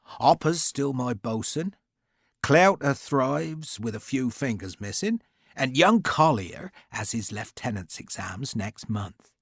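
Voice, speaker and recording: A man voicing a cheerful, warm-hearted naval captain with a rich Devonshire accent and an affable, chatty manner. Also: medium pitch, expressive, slow pace, husky, dry recording, studio quality, full character voice.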